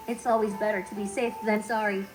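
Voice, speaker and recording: A woman's synthetic voice playing a calm, sensible male robot mayor in a storybook tale, read in an even, patient way. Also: mid-range voice, brisk, over music, lightly acted, poor audio.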